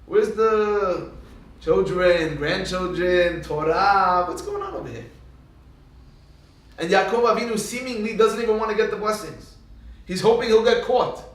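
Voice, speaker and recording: A man giving an animated, storytelling Torah lecture, jumping into sudden emphatic rises. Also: high-pitched, measured pace. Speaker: Torah teacher. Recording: very echoey room, mic far off.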